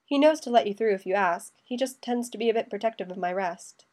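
A woman voicing a young male emperor who speaks slowly and measuredly with dry teasing. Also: mid-range voice, darkish tone, natural voice. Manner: slow, measured, dryly teasing.

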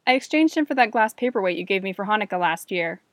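A woman's voice: medium pitch, expressive, quick pace, no echo, studio quality, natural voice. A woman voicing an earnest, kind young male staffer in a read-aloud story.

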